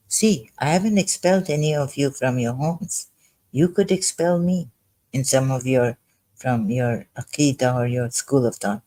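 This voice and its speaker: A man reads scripture aloud and comments on each verse in a slow, deliberate voice. He halts and restarts often, sounding agitated as he thinks aloud. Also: a little high, rough recording. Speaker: ex-Muslim commentator.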